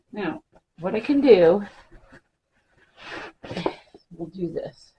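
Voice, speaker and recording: A chatty woman walks viewers through a craft project in her home craft room, occasionally turning to talk to her pets mid-task; she's a crafting vlogger. Her mid-range voice is expressive, and she speaks slowly with long pauses. There's background noise behind her.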